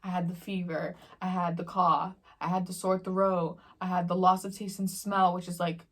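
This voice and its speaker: A woman's voice: fairly low pitch, flat delivery, normal speed. A young woman vlogger chatting casually in slangy storytelling while she eats on camera. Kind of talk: casual mukbang Q&A chat.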